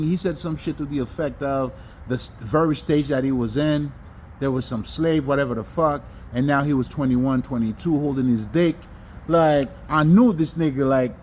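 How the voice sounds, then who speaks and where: A man delivers a loose, animated self-help monologue, full of profanity and restarts. His voice sits fairly high. Faint insect noise hums behind him. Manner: animated, profane, rambling with many restarts and laughs. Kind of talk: casual spoken monologue.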